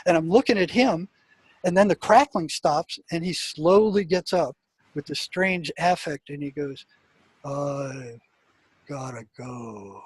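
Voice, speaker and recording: Interviewed as a guest, a man recounts a story from his prison work casually and animatedly, restarting sentences and laughing now and then. His voice is high-pitched, a little slow and husky, with no room sound.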